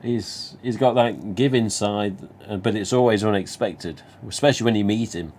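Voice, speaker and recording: A man's voice: on the low side, normal speed, a little mellow, slight background noise. Chatty Nottingham man telling a story. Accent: Nottingham English. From England. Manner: chatty, rambling, many you-knows, mild swearing. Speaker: livestream host. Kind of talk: casual anecdote telling.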